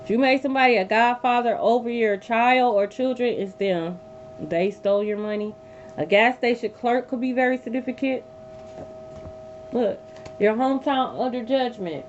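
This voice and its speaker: Woman tarot reader on a livestream, higher voice, emphatic and profane, slightly muffled phone audio. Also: normal speed. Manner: blunt, profane, emphatic repetition. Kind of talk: live tarot reading. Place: sitting on a bed at home. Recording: dull lo-fi audio with faint hum.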